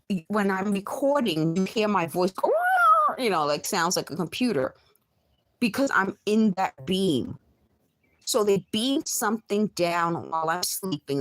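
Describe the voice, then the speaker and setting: A hoarse woman talking to her camera from her bedroom after just waking up, rambling and agitated with many restarts. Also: fairly low pitch, lively intonation, unhurried, dry recording, poor audio. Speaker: vlogger. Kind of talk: rambling late-night vlog monologue. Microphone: recording herself on camera.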